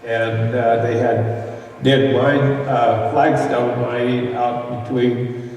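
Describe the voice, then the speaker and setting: A man's voice: mid-range voice, level tone, slow pace, darkish tone. An older man from Arizona, telling ranch stories in a rambling, folksy way with many fillers. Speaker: former ranch boy telling local history. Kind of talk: casual storytelling. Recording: echoey roomy hall from far off.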